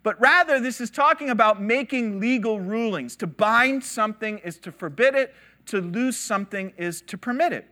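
A man giving a conversational sermon, telling stories with animated quoted voices and casual asides. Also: sits high, moderate pace. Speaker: teacher.

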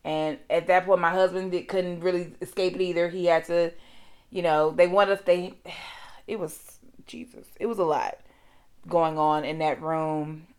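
A woman's voice: lowish voice, steady tone, measured pace, darkish tone. A woman, hosting a podcast and candidly telling a personal story in a conversational, emotional way. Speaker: podcast host.

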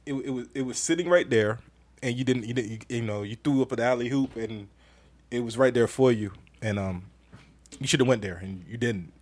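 A man's voice: medium pitch, brisk, a little mellow, dry recording. A man hosting a casual podcast live stream, reading out viewer comments with a playful, laughing manner. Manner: laughing, playful, repeats phrases. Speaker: podcast host.

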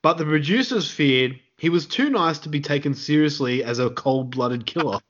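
A man's voice: on the high side, moderate pace, fairly bright tone, lo-fi sound. Laughing Australian man reading trivia. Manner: laughs often, reads out trivia in a loose, joking way. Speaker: podcast host. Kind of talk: casual podcast chat.

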